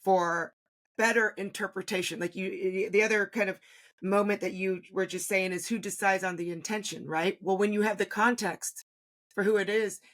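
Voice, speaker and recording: A woman's voice: medium pitch, steady tone, moderate pace, a bit bright. A woman with a mid-range voice interviews a guest. She responds reflectively, thinking aloud and restarting her phrases as she goes. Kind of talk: conversational interview.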